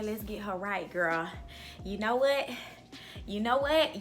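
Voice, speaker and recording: A woman's voice: mid-range voice, takes it slowly, pauses often, soft background music. A young woman in a casual, playful home vlog, trying on wigs and chatting, often breaking into laughter and bits of song. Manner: animated, playful, lots of "girl" and "y'all", bursts of laughter and singing. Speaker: vlogger reviewing wigs. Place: indoors at home.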